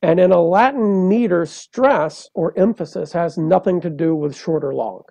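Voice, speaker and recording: A man speaking as a poet guest on a podcast, his voice gravelly and mellow in tone. He explains in a measured, lecturing manner, pausing often on fillers. The sound is dry and close. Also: high voice, dry recording.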